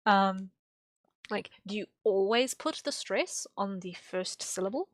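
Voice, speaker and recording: A woman's voice: medium pitch, takes it slowly, a bit bright, dry recording. A young woman streaming while she draws, rambling casually with lots of fillers and small laughs. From English-speaking. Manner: rambling, thinking aloud with many fillers and laughs.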